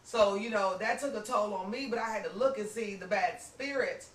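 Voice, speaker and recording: A woman podcast host telling a story in casual chat, animated and acting out what people said. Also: medium pitch, normal speed, slight background noise. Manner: animated, acts out quoted lines, lots of "you know what I'm saying". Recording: roomy room, distant mic.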